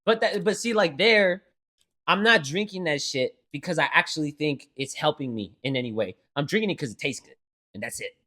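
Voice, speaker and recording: A man's voice: fairly high pitch, lively intonation, a little fast, pushed and bright. Blunt, swearing man podcast co-host. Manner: blunt, heavily profane, teasing. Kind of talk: casual podcast chat.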